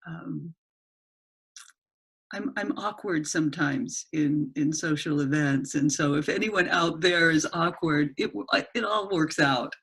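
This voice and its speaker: Husky-voiced woman host telling stories. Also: low-pitched, a little slow, fairly bright tone. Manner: chatty storytelling, self-deprecating. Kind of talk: casual conversational interview.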